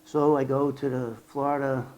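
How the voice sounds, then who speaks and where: An older man vlogging about his past as an informant, telling it in a rambling, animated way with restarts and fillers. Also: normal speed, muffled recording, a little hiss or hum. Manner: animated, acts out quoted dialogue with sharp jumps in pitch and loudness. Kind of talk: casual storytelling vlog.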